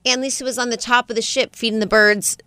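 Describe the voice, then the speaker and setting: A woman co-hosting a casual chat show, expressive with quick reactions. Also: on the high side, smooth, dry recording. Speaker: co-host.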